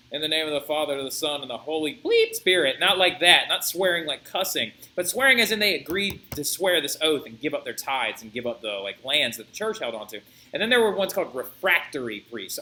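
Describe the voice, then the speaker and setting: Bright, animated male history teacher. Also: fairly high pitch, low-quality recording. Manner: animated storytelling, frequent "right?" check-ins. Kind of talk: flipped-classroom video lecture.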